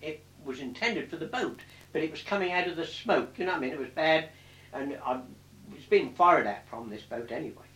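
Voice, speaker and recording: A man's voice: on the high side, lively intonation, fairly quick, a bit bright. An older man, a war veteran, telling his memories in a rambling way, swearing freely and correcting himself as he goes. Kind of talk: oral history storytelling. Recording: roomy sound from a distant mic.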